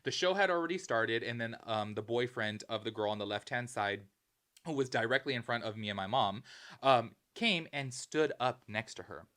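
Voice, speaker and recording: A man co-hosting a podcast, telling a story in casual chat with emphatic, animated delivery. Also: mid-range voice, moderate pace. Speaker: podcast co-host.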